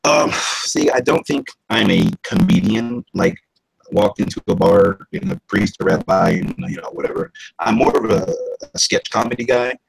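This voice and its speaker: A man's voice: low-pitched, moderate pace, gravelly, slight background noise, low-quality recording. A man who works as a voice-over artist and actor, talking casually in an interview about his characters. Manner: animated, slips into character voices.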